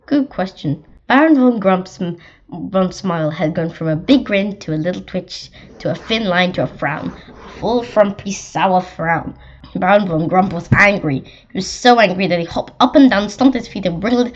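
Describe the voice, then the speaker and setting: A woman reading a children's storybook aloud in a lively way, with some stumbles and restarts. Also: lowish voice, normal speed. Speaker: story reader. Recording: slightly dull lo-fi recording.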